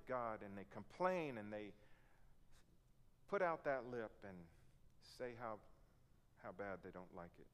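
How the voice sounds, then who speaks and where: A man preaching a sermon, reading scripture and explaining it earnestly, acting out complaints in a raised voice. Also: mid-range voice. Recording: long hall reverb.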